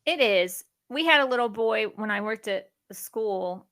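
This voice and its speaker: A woman in her thirties co-hosting a casual chat show, chatty and animated as she reads out questions. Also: a little high, normal speed. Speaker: podcast co-host.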